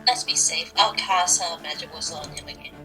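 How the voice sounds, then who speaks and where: A woman playing a tabletop game, speaking in a slow, deliberate way. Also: low voice, sharp tone, soft background music. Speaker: player.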